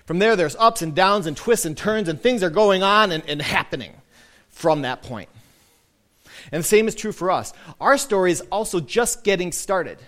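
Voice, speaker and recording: A male pastor giving a casual, conversational sermon, slowing down and softening for quoted lines. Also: sits high. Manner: lively, conversational preaching with soft, slowed quoted lines.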